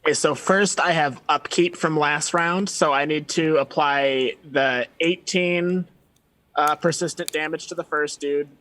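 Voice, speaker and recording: A man player at a tabletop game, calmly working through his numbers aloud. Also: fairly high pitch, a little slow. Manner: methodical, tallying numbers aloud. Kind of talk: casual chat at a game table.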